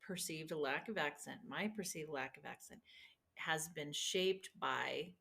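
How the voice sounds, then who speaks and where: A woman raised in the Midwest after an Argentine childhood, speaking with a Midwestern accent in a casual interview, animated with quick asides. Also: deep voice, vocal fry. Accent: Midwestern American. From Argentina, raised in Illinois from age twelve. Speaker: interviewee, Spanish teacher. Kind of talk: casual conversation.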